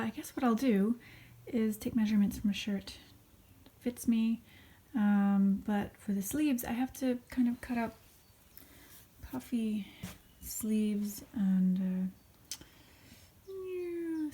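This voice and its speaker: A woman's voice: on the high side, warm tone, husky. Chatty woman vlogging her sewing. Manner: chatty, self-mocking, often half-whispered asides. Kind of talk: casual sewing vlog with instructions.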